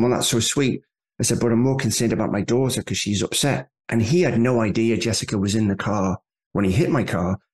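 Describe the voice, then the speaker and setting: Middle-aged man, podcast guest, low-ish voice, chatty rambling storyteller. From England. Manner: rambling, with many "anyway" asides and restarts. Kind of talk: casual storytelling interview.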